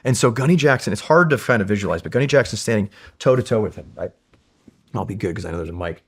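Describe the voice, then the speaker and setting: A man from California, a Marine veteran, tells war stories in a casual interview with animated, profane energy. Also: on the low side, fast talker, husky.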